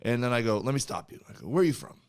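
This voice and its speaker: A man's voice: medium pitch, expressive, rapid-fire. A man from Miami co-hosting a comedy podcast, telling a story at length in casual chat and acting out both sides of the conversation. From Miami, USA. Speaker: comedian co-host.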